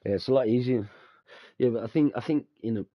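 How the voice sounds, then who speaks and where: Fast and mid-range, this young man's voice comes through lo-fi with no echo. A podcast host, he chats casually and tells stories, swearing freely, laughing often, and peppering his talk with "bruv" and "mate."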